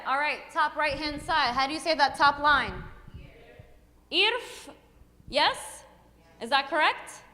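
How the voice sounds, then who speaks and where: A woman teaching a hymn class, upbeat and coaxing, calling out brisk prompts to her students. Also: high-pitched, sharp tone. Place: church hall classroom. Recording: echoey hall reverb.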